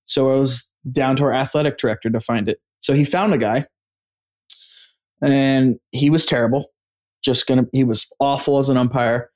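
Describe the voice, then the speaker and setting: Man co-hosting a podcast, lively storyteller who acts out quotes, casual and profane. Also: mid-range voice, normal speed. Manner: animated storyteller, acts out quotes, swears freely. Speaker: podcast co-host. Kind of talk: casual sports podcast chat.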